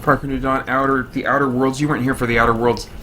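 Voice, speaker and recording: A man's voice: mid-range voice, level tone, fast, sharp tone, slight background noise. A man live-streaming a game, chatting playfully, laughing often and reading viewer comments aloud. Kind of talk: casual chat while live-streaming a game.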